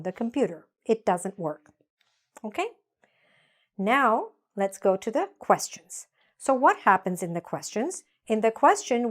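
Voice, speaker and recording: A woman teaching English grammar in a patient way, saying example sentences slowly so learners can repeat them. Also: on the high side. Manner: slow, patient, spells out examples slowly for repetition. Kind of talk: grammar lesson with repeat-after-me drills.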